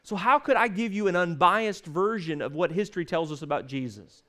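High-voiced emphatic man preaching. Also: lively intonation, a bit bright. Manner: emphatic, slows down to stress scripture, asks the congregation to repeat. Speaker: pastor. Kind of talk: sermon.

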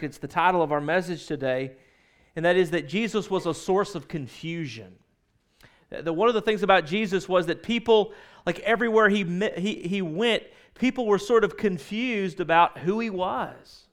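A man's voice: sits high, fairly bright tone. A male pastor preaching a sermon in a conversational storytelling manner, often correcting himself mid-sentence.

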